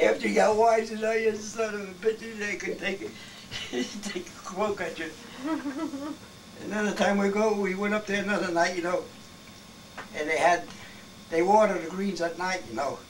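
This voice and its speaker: A man's voice: high-pitched, fairly even intonation, normal speed. A man in his eighties telling old stories in a rambling, salty way, chuckling through his tales at a family gathering. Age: 80s. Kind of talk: casual storytelling. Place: family birthday gathering at home. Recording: distant home-video recording with background noise.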